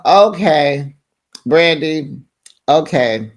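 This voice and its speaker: Recap host, casual commentary, unhurried, laughs a lot, acts out quotes. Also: medium pitch. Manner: animated, slips into voices when quoting people; laughs often.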